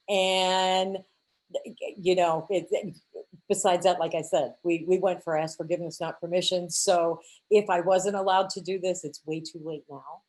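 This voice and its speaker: Sincere low-voiced woman giving thanks. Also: darkish tone. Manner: sincere, hesitant, with fillers. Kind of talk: heartfelt casual tribute.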